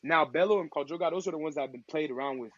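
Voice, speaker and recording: A man from Togo, a podcast guest and DJ, telling stories in casual chat with slangy, lively talk. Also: a little high, very fast, dry recording, dull audio. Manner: lively, acts out quoted voices, slangy.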